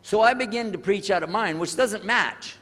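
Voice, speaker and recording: An older man telling a personal story to an audience, animated and acting out the people in it. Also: sits high, normal speed. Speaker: speaker telling his conversion story. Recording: echoey hall.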